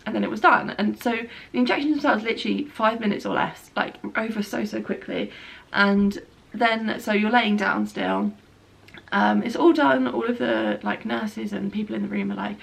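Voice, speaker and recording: A woman's voice: mid-range voice, normal speed, creaky. A young woman vlogging casually from home. She rambles a little and uses lots of filler words as she talks. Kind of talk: casual spoken update. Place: at home, by a bed.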